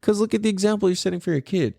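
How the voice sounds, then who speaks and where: A man's voice: sits high, very fast, creaky, a little mellow, no echo, studio quality. A man in his forties, hosting a podcast, telling a story in a casual, profane way and laughing often. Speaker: podcast host.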